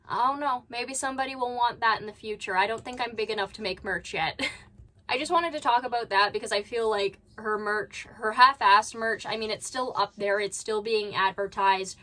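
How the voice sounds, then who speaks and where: Woman reaction host, bright and sharp, opinionated and sarcastic. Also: a little high. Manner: blunt, critical, sarcastic asides. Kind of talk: casual reaction commentary. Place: at home.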